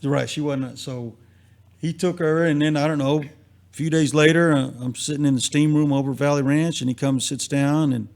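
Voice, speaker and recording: A man's voice: fairly high pitch, steady tone, normal speed, gravelly, darkish tone. A man on a live talk stream, telling a long casual anecdote and acting out the quotes, rambling and repeating himself. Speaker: guest. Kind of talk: casual storytelling.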